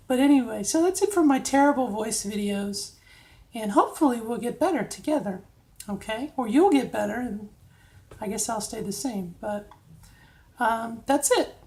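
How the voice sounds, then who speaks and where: Chatty coaching woman, fairly high voice. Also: darkish tone. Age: middle-aged. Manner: chatty, coaching, frequent "okay?" check-ins. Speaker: vlogger giving voice training tips. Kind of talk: casual instructional vlog.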